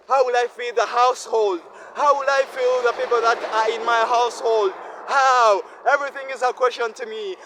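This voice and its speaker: A man talks to himself on camera in an impassioned monologue. His voice sits unusually high for a man, and he presses each point with repeated, emphatic questions. Faint city noise hums behind him outdoors. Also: fairly bright tone. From Uganda. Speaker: vlogger. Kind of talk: impassioned self-talk monologue.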